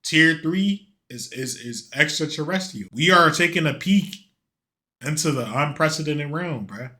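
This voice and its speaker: A man's voice: on the high side, expressive, a little slow, sharp tone. A man casually commenting on a video as a streamer, slangy and joking.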